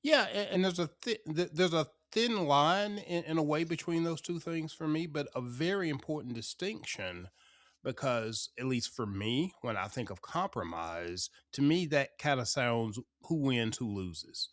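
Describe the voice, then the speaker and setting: A man's voice: a little high, animated, measured pace, fairly bright tone, no echo. A man hosting a podcast interview, asking thoughtful, searching questions. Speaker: podcast host. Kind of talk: interview conversation.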